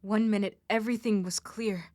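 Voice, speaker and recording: A woman's voice: medium pitch, fairly even intonation, normal speed, a little mellow, no room sound, natural voice. A woman performing a young woman harassed at work after speaking up, in an intense spoken-word delivery. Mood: anguished.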